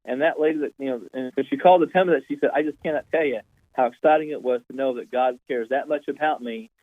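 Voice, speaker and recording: A man, a pastor, telling an animated story in casual conversation, often repeating his words. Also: medium pitch, fast talker, no room sound. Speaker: pastor, guest. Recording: tinny phone-like line, dry.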